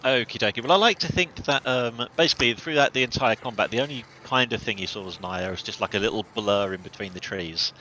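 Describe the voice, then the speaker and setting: A man's voice: medium pitch, fast talker, hardly any pauses, bright, forceful tone, slight background noise, rough recording. A man playing a tabletop game, speaking playfully and expressively as his character. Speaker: player. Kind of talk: tabletop role-play, in and out of character.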